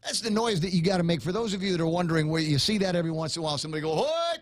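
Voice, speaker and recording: A man's voice: on the high side, fairly even intonation, very fast. Middle-aged male radio host from Guam, casual chatty delivery, lots of restarts and asides. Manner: rambling, with many restarts and playful asides. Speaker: radio talk show host. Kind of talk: casual morning radio chat.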